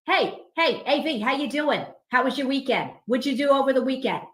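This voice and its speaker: A woman's voice: sits high, animated, fairly quick, echoey room. A woman imitating a chummy corporate office man with a Boston accent.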